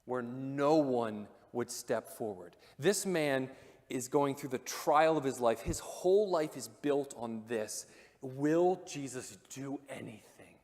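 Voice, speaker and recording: A man preaching a sermon in a church auditorium, talking conversationally with joking asides and dropping to hushed, dramatic moments. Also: medium pitch, slow pace. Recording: long reverb of a church hall.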